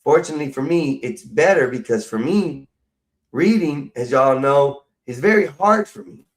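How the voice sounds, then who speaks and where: A man's voice: a little high, lively intonation, moderate pace, recorded from a distance. Rambling profane man. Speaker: livestream host. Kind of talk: rambling casual livestream talk.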